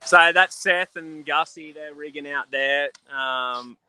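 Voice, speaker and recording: A man's voice: fairly high pitch, slow pace, sharp tone, smooth, no room sound. An Australian man, a professional angler, chatting casually and with easy laughs on a call. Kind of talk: casual video call chat.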